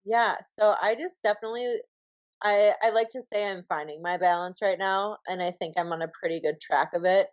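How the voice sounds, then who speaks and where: A woman's voice: mid-range voice, a little fast. A woman with a Minnesotan accent, a podcast guest talking casually and chattily. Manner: chatty, full of "like" fillers. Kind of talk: casual interview chat. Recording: dull lo-fi sound.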